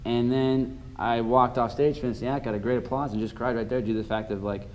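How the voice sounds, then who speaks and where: Fast-talking animated male juggler. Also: mid-range voice, a little hiss or hum, rough recording. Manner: animated, acts out scenes and quotes. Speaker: juggler and stage performer. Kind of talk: casual storytelling interview.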